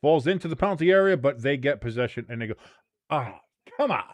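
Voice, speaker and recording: Excitable, profane watch-along host. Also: male voice, medium pitch, very fast, no echo. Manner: excitable, profane, jumps from mumbling to shouting. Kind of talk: casual live match commentary.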